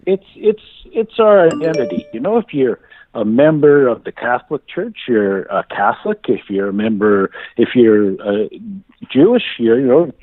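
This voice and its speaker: A man's voice: medium pitch, sing-song, normal speed. A man calling in to a show, rambling and chuckling as he talks. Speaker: caller. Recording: dry, tinny phone line.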